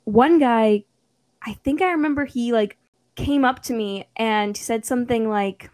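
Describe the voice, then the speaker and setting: Animated young woman telling a story. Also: on the high side, a little slow, no echo. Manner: animated storytelling, acts out quotes, laughs often. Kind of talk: casual chat.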